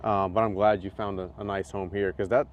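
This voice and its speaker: A man's voice: fairly low pitch, brisk, lo-fi sound. A man co-hosting a casual podcast chat, telling stories animatedly and acting out what others said, often laughing. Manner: animated storyteller, acts out quotes, laughs often. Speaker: podcast co-host, driver. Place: outdoors at a race track. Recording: faint outdoor noise at trackside.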